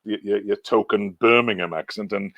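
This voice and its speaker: Low, gravelly man from Wales, guest on a casual chat, rambling and trailing off, dry close sound. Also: fairly even intonation, moderate pace, no room sound, narrow, tinny audio. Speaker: guest singer.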